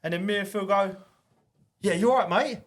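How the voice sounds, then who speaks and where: A man's voice: sits high, fairly quick. A man, a tradesman guest who jumps in to finish his brother's story in casual chat.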